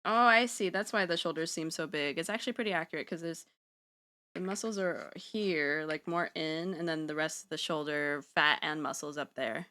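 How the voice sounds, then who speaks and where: A woman's voice: low-pitched, normal speed, pushed and bright. A young woman streaming from home, chatting casually and rambling with playful slang while she draws. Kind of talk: casual livestream chat while drawing.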